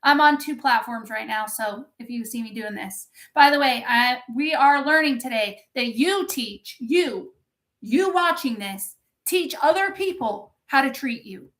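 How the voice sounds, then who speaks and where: A woman with a high voice gives a live-streamed motivational talk. She is intense and profane, hammers her points home and breaks off to answer viewers in the chat. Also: measured pace, fairly bright tone. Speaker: motivational coach.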